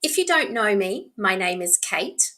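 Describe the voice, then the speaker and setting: A woman's voice: medium pitch, very animated, bright, forceful tone. A woman with a New Zealand accent, a reading specialist patiently explaining to parents how to teach a child to write their name. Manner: encouraging, slow and patient, demonstrating with letter tiles. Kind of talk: instructional talk to parents.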